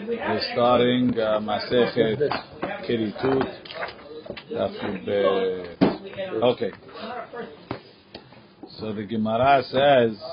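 A man's voice: medium pitch, noisy background. A man teaching a Talmud class, acting out the case as dialogue, checking in with "right?" and quizzing students by name. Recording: dull lo-fi class recording.

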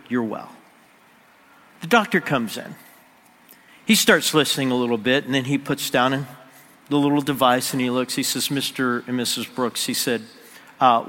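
Male pastor, sermon storyteller, forceful tone, echoing church hall. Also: mid-range voice, normal speed. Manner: drops to near-whisper on emotional moments. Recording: long hall reverb.

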